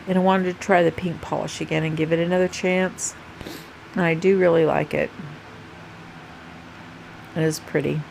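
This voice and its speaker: A woman chats her way through a home nail art video, rambling and correcting herself as she goes. Her voice is low, dark and gravelly, and she talks slowly, as if half asleep. A faint hiss sits under the recording. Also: steady tone, poor audio. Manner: chatty, rambling, self-correcting. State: sleepy, yawning. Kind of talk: casual chat to camera. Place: home craft room.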